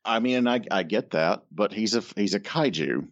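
Male podcast co-host, very low voice, relaxed and teasing, dry, slightly muffled sound. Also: moderate pace, no room sound. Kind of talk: casual chat.

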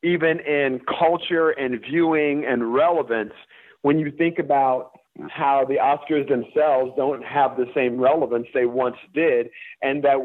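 Male actor guest from the Deep South, mid-pitched, emphatic and profane, heard over a phone line. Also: steady tone, a little slow, no room sound. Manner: emphatic, profane, laughs while making points. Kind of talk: candid interview conversation. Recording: tinny phone-line sound.

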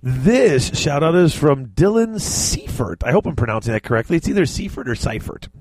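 A man's voice: fairly high pitch, very animated, moderate pace, a little mellow, slight background noise. A man co-hosting a casual podcast, easygoing, often trailing off and restarting, laughing along. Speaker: podcast co-host. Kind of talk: casual chat.

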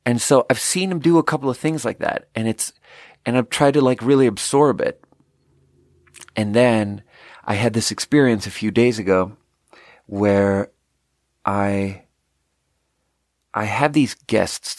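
A man's voice: fairly low pitch, a little slow, long pauses, no room sound, clean studio sound. A man, a podcast host and restaurant server, casually telling a long exasperated story about difficult guests, swearing freely. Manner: profane, exasperated, animated retelling.

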